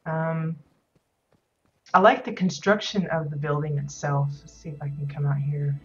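Low-voiced woman, casual rambling commentary. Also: fairly even intonation, moderate pace, highs cut off, soft background music. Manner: rambling, many ums and restarts. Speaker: host touring player houses in a game.

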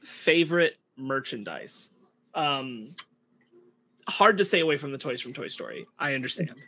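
A man co-hosting a podcast in a relaxed, casual way, moving the talk along and laughing easily. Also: mid-range voice, moderate pace, slightly rough. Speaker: podcast co-host. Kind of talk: casual chat.

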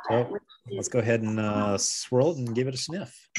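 A man hosting a casual virtual wine tasting over a video call, talking in halting bursts with repeated words and frequent laughs. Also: medium pitch, darkish tone.

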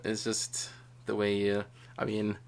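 A young man from Wisconsin hosting a casual podcast chat, loose and jokey and quick to laugh. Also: lowish voice, monotone, creaky, clear, resonant tone. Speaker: podcast host.

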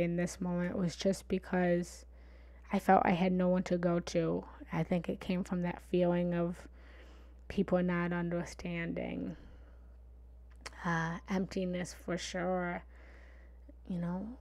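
A woman's voice: lowish voice, a little mellow. A woman who coaches meditation, telling a personal story in a candid, vulnerable way on a live stream, with frequent fillers and asides of "right?". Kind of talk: live-stream confessional talk.

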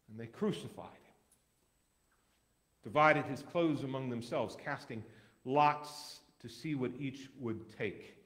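A man reading scripture aloud as a dramatic recitation in a church, measured, with wide swings in loudness. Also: fairly high pitch. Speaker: scripture reader.

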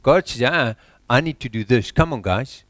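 A South African pastor preaching a sermon in church, exhorting with rhetorical questions and dropping his voice low for emphasis. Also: expressive, moderate pace, fairly bright tone, no echo.

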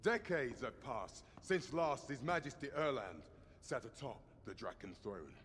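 A man's voice: mid-range voice, sing-song, unhurried, a bit bright, breathy edge, exaggerated voice. A man voicing a grand male royal herald who proclaims to a crowd in ceremonious, old-fashioned speech. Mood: proclaiming. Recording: long reverb with game music behind.

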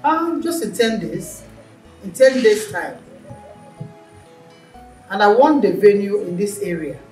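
An actress playing a strong-willed mother who is planning her son's wedding and is firm and quick to scold. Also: mid-range voice, expressive, darkish tone, faint music behind. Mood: impatient. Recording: echoey room, mic at a distance.

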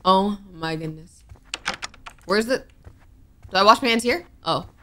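A woman's voice: mid-range voice, lively intonation, a little slow, fairly bright tone, a little hiss or hum. A young woman narrating her own horror game play, jumpy and nervous, reacting with gasps and worried asides. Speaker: gaming streamer. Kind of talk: let's play commentary.

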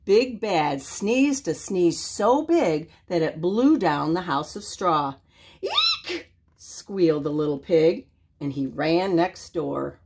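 An older woman reading a children's story aloud, expressive and animated. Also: fairly low pitch, takes it slowly, husky.

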